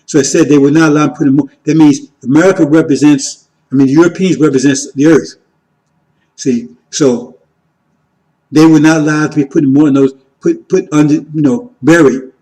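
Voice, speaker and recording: Man, religious teacher, informal sermon, mellow tone, slightly high voice, keeps checking in with listeners. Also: fairly even intonation, normal speed, low-quality recording. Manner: repetitive, keeps asking "See?" and "right?"; swings from loud emphatic rises to quiet asides.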